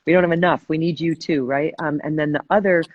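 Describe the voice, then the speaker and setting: Woman host, thoughtful and searching, halting restarts, dull lo-fi sound, dry and close. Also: sits low, fairly even intonation, no echo. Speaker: host of a live video chat. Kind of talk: casual live-stream conversation.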